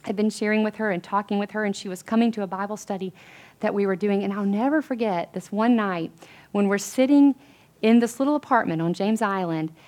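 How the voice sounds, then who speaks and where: Speaking to a women's Bible study group, a woman delivers an earnest, conversational sermon, chatting along through fillers and restarts. Her voice sits at medium pitch, slightly mellow, and she moves at a brisk clip.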